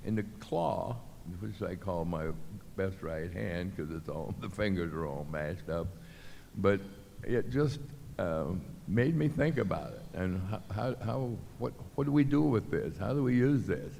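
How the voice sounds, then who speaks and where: Older man, deep-voiced storyteller. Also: a little slow, creaky, in a large hall, slight background noise. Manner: animated storyteller acting out quotes. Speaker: guest. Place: club venue with live audience.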